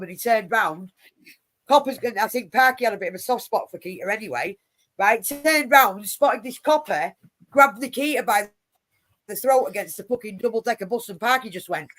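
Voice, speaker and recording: A woman's voice: a little high, normal speed, a bit bright. A woman hosting a live stream, telling rambling stories full of swearing and acted-out quotes. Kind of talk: casual profane storytelling chat.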